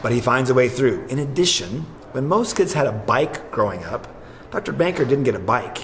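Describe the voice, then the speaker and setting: A man's voice: mid-range voice, very animated, normal speed, a little hiss or hum. A man hosting a comedic campus introduction video, narrating in a playful mock-serious way. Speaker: host.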